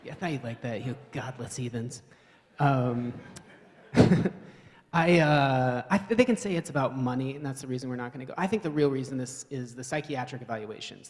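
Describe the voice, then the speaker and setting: A man's voice: medium pitch, darkish tone. A man doing live stand-up comedy in a wry, rambling, self-mocking way, at a live event hall.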